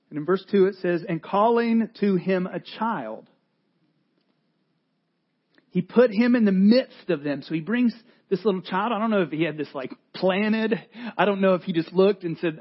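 A man's voice: high-pitched, normal speed, lo-fi sound. A man in his forties who is a pastor, preaching a sermon in an earnest, conversational way and often restarting his phrases.

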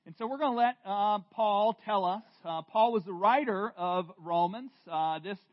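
A man preaching a sermon to a congregation in a church room, earnest and unhurried, stumbling into restarts now and then. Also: sits high, highs cut off. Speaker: pastor.

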